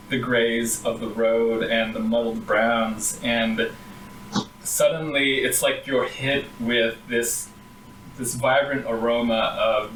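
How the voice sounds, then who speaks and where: A man running a tabletop game, describing the scene casually and haltingly with plenty of ums. He is recorded well away from the mic in an echoey room. A faint hiss runs underneath. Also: mid-range voice, a bit bright. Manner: casual, hesitant, many ums. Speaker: game master. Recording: roomy, far from the mic.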